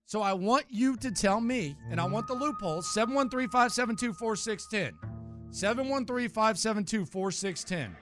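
A man hosting a sports radio show, animated and mock-serious, a self-described high-strung talker. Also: moderate pace, soft background music. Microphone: studio microphone.

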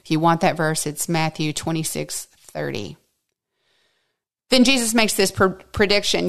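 A woman teaching a Bible study in an expressive way, dropping to hushed asides and rising to high, emphatic bursts. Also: unhurried, vocal fry.

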